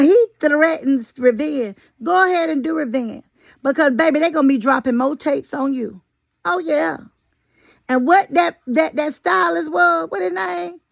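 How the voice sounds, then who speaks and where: A woman talks straight at her viewers in a folksy, sassy commentary. Her voice sits high and carries a gravelly rasp. The recording is dry and close, with no room sound. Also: no room sound. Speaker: commentary vlogger. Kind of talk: casual opinion commentary.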